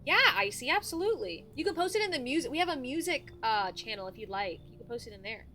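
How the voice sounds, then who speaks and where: A woman streaming a game live, reacting in an animated, excitable way and chatting with viewers. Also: high voice, fast talker.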